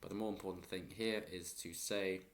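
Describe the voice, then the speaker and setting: A man's voice: low-pitched, fairly even intonation, fairly quick. A man giving rambling, opinionated political commentary in a vlog and chuckling often.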